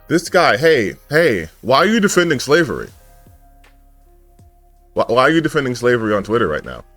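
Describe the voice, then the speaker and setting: Guy ranting mad about gaming stuff, cussing a lot, super animated pitch. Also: dry recording. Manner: heated, profane, sarcastic. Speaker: gaming commentary YouTuber. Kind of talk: angry commentary rant.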